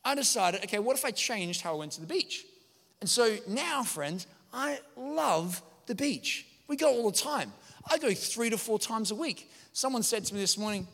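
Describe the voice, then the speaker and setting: A high-voiced man in his thirties preaching in a church. His tone is bright and forceful, and he tells jokes and animated stories. The sound carries a long hall reverb. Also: normal speed, creaky. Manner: energetic, joking, animated storytelling. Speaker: pastor. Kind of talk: sermon.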